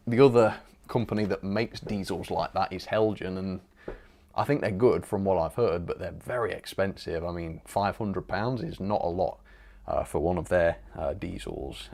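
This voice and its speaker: A man's voice: sits low, darkish tone. A man hosting a live stream, chatting casually and rambling as he reads out viewer comments with frequent chuckles.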